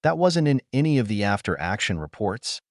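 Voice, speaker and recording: A man voicing Ezekiel, a calm, wry leader. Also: fairly low pitch, a little fast, no room sound, clean studio sound.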